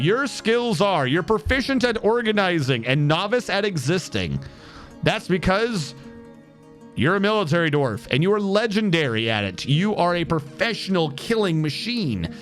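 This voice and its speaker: A man's voice: high voice, a bit bright. A man streaming a strategy game, chatting casually and reading in-game text aloud with wry, sarcastic asides. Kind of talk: casual gameplay commentary.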